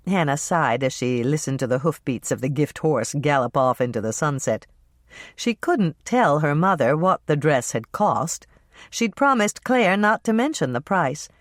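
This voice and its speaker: An audiobook narrator reading a cozy mystery in a wry, measured storytelling manner. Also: mid-range voice, sing-song, no echo, clean studio sound.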